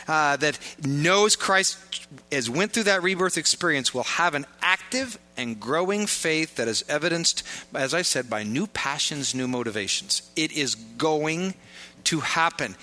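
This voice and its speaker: A man's voice: on the high side, lively intonation, a little slow, pushed and bright. A man preaching a sermon as pastor, joking and informal in asides, pressing his points with emphatic repetition.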